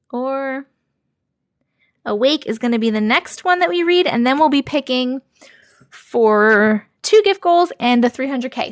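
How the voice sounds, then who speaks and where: Hosting a relaxed live stream, a bubbly, effusive woman whose voice sits a bit above most reads out comments and replies straight to viewers, keeping things loose and chatty.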